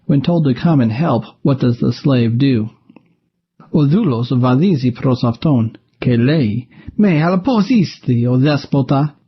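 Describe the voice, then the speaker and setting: A man's voice: medium pitch, husky, highs cut off. A man teaching a recorded language lesson, walking methodically through exercises step by step. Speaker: Greek teacher.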